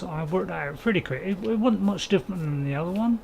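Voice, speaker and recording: A man's voice: high voice, lively intonation, quick pace, gravelly, darkish tone, slight background noise. A man hosting a casual game let's-play, chatting with viewers in a rambling, apologetic way with frequent chuckles. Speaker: gaming channel host.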